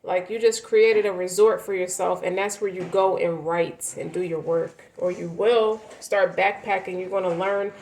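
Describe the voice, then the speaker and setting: A woman's voice: on the low side, fairly even intonation, normal speed, hardly any pauses, a little mellow, slight background noise, low-quality recording. A woman gives a tarot reading in a loose, casual way. She rambles and stresses her words, doubling back to restart her sentences as she goes. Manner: rambling, emphatic, many fillers and restarts. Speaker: tarot reader.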